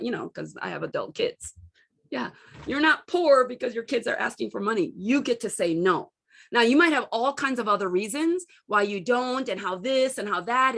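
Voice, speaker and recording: A middle-aged woman giving a candid self-help talk as a coach, telling personal stories and acting out what people said. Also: mid-range voice. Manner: candid, storytelling, animated quoting.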